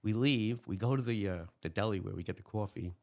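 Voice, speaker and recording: A man who talks quickly, with a gravelly, creaky edge. As the host, he chats casually and fills his own cop stories with fillers. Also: fairly low pitch, a little mellow. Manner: rapid storytelling with many fillers. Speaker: podcast host, former police officer. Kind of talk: casual interview chat.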